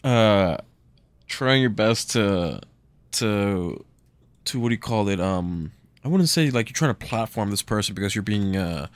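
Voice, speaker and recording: A man co-hosting a podcast, musing hesitantly with many pauses and restarts. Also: on the low side, no echo. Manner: hesitant, lots of fillers and restarts. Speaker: podcast co-host. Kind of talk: casual podcast chat.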